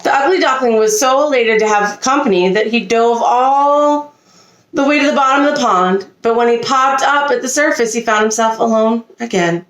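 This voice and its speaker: Expressive woman reading a storybook aloud. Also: on the high side, normal speed, echoey room. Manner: expressive, animated reading with small slips. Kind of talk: reading a picture book aloud. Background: a child nearby.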